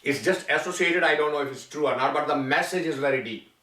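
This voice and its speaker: A man giving a spiritual talk as a teacher, telling a story slowly and deliberately with long pauses, in an echoey room from far off. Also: on the high side, pushed and bright.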